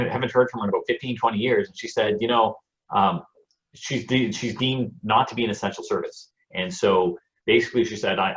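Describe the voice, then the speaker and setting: A man talking in a lively, storytelling way as a guest on a motivational interview show, often repeating a word as he starts a phrase. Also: medium pitch, highs cut off. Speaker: guest speaker and speaking coach.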